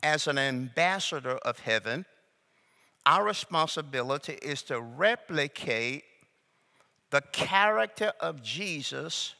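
A man's voice: medium pitch, sharp tone. A male pastor teaching a sermon, drawing out key words and coaxing the congregation to repeat phrases back to him. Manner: slow, deliberate emphasis on key words. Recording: long hall reverb.

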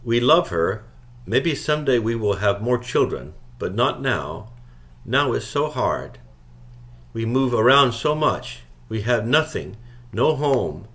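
A man's voice: medium pitch, very animated, slow, a bit bright. A man voicing a young mother who is crying as she pleads in short, broken sentences. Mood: tearful.

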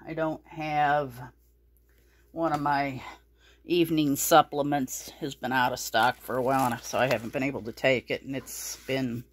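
A woman hosting a casual pet unboxing vlog, talking fondly to her rabbits and a little out of breath. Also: low voice. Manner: cooing baby talk to her rabbits. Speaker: pet channel host.

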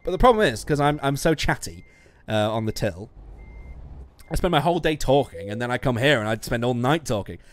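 A man's voice: mid-range voice, lively intonation, fairly quick. A man casually commenting while playing a game, chatty and self-mocking, swearing often and laughing a lot. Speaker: streamer.

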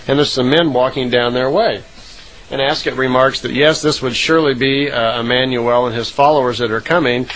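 A man's voice: medium pitch, fairly even intonation, normal speed, a bit bright, slight background noise, poor audio. A man casually retelling a recorded account, rambling with frequent "uh" fillers and self-corrections.

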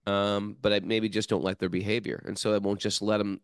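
Low-voiced man in dry devotional chat. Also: smooth, no echo. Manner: relaxed, teasing, drawn-out explanations. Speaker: podcast co-host.

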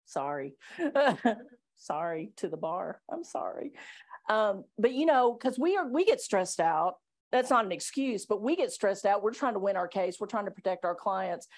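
A woman's voice: mid-range voice, expressive, moderate pace. Chatty middle-aged woman leading staff training. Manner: chatty, self-deprecating, laughs often. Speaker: workplace trainer and attorney. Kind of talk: live training talk to staff. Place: meeting room with live audience.

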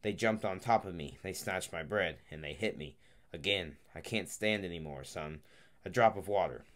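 A man's voice: deep voice, normal speed, natural voice. A man reading the part of a dying old father who pleads weakly for water. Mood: pleading. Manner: plaintive, begging.

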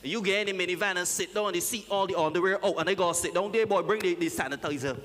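A man, a pastor preaching a lively, joking sermon and calling out to his congregation. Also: high-pitched, fast talker. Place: church sanctuary. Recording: reverberant church hall.

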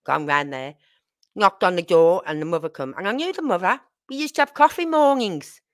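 A woman's voice: on the low side, animated, a little fast. A middle-aged woman, telling blunt, salty stories casually to her viewers as a channel host. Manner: blunt, salty, tells stories with acted quotes. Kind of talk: casual storytelling to camera.

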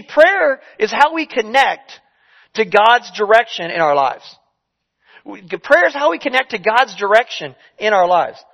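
A man's voice: very high-pitched, lo-fi sound. A man preaching a sermon in a conversational, storytelling way with emphatic repetition.

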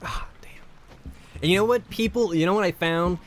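A man's voice: sits high, moderate pace. A man casually chatting on a livestream, rambling and self-deprecating as he reads and answers chat. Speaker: streamer.

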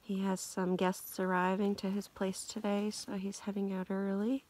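A woman's voice: medium pitch, flat delivery, normal speed, darkish tone, slight background noise. A woman camping vlogger chatting in a casual, upbeat way and laughing often at an outdoor lakeside campsite.

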